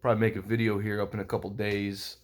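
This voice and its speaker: Young dude ranting about a football game, kinda low voice, swears a ton, lots of um and like. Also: male voice, little pitch movement, quick pace. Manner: rambling, heavy swearing, lots of fillers. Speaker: sports vlogger. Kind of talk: casual football recap vlog.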